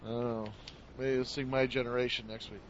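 A man's voice: medium pitch, flat delivery, brisk. A man chatting casually with a friend, telling a rambling funny story and acting out the sounds he heard. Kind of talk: casual comedic chat. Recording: dull lo-fi sound.

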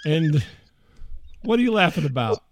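A man's voice: a little high, sing-song, moderate pace. A middle-aged man hosting a podcast, telling a rambling, profane story in a casual way. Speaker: podcast host.

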